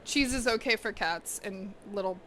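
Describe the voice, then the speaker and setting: A woman's voice: medium pitch, normal speed, fairly bright tone, a little hiss or hum. A young woman casually chatting with her live chat while she cooks in her home kitchen. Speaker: cooking streamer.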